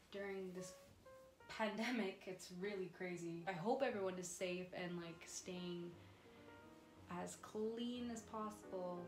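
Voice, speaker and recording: With a medium-pitched, somewhat dark voice, a young woman vlogger rambles through a relaxed at-home painting tutorial, leaning heavily on um and like. Music plays behind her in an echoey room.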